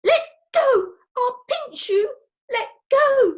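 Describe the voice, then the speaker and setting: A woman voicing a frightened, stubborn little girl in a storybook reading, with a high, shrill, sobbing voice. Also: lively intonation, unhurried, darkish tone, highs cut off. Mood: shrieking.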